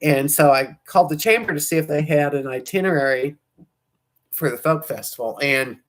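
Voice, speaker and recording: A woman hosts a casual livestream, chatting to viewers in a loose, rambling way. Her voice sounds hoarse, and her sentences often trail off and restart. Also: deep voice, normal speed. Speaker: livestream host.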